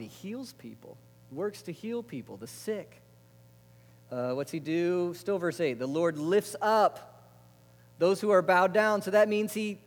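A man preaching a sermon, asking the congregation questions and answering them himself, moving between emphatic lines and quiet, intimate ones. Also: high voice. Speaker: pastor. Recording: long reverb of a large hall.

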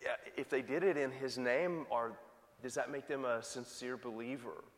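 A man preaching a sermon with emphatic, impassioned delivery, slowing and rising as he dramatizes pleading voices. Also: medium pitch. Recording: hall reverb.

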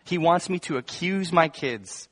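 At a measured pace and fairly high pitch, a male pastor preaches to the congregation gathered in his church. The delivery is conversational, punctuated by humorous asides and emphatic outbursts.

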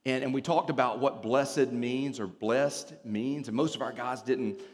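A man preaching a sermon in a church, telling stories with humor and explaining scripture in an animated way. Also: medium pitch, measured pace, in a large hall.

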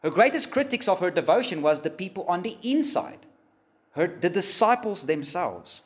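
A man preaching a sermon, emphatic and pausing, rising for emphasis. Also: high voice, big pitch swings. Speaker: pastor.

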